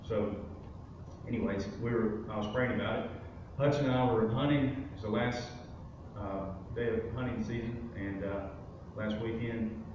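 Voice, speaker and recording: During a church service, a guest speaker relates his personal story as a testimony, speaking loosely with many fillers. His pitch is fairly low, his intonation fairly even and his speed normal. The recording is distant and very echoey in the sanctuary, with a noisy background.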